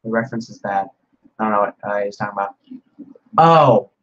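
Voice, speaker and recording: Excitable young man hosting a livestream. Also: lowish voice, fairly quick, lo-fi sound. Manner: rambling, reads viewer comments aloud. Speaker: livestream host. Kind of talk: casual livestream Q&A.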